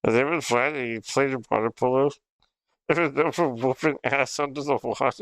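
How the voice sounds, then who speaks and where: A man's voice: mid-range voice, moderate pace, a bit bright, no echo. A young man livestreaming in casual chat, rambling and swearing with frequent laughs. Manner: rambling, profane, laughs often.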